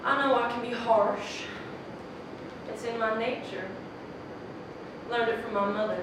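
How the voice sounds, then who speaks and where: An actress playing Cecilia, a sharp-tongued, independent frontier woman who speaks firmly and defiantly, recorded on a stage from a distance. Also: a little high, fairly even intonation, unhurried, lightly acted. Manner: firm, defiant. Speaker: actor. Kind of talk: stage drama performance. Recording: roomy stage audio from a distant mic with noise.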